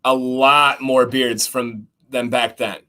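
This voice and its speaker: A man's voice: mid-range voice, slow pace. Upbeat bearded livestream host, man. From Michigan. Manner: animated, reads viewer comments aloud. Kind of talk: casual livestream chat.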